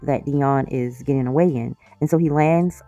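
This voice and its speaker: A woman with a low, mellow voice recaps a TV episode in a loose, chatty way. She breaks in with animated, exasperated asides and laughs often. The sound is dry and close, with faint music underneath. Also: normal speed, dry recording. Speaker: series reviewer.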